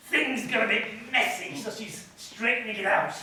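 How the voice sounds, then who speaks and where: A man's voice: high voice, moderate pace, sharp tone. An older man playing a vain, theatrical old actor with a pompous manner, on an amateur stage. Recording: echoey hall, far-off mic, noise.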